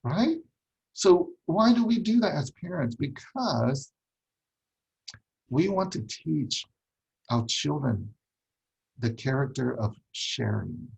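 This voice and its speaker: A man's voice: fairly high pitch, very animated, slow pace, vocal fry, long pauses, a little mellow, husky, rough recording. A man teaching a ministry class on parenting, emphatic, repeating key points and asking rhetorical questions.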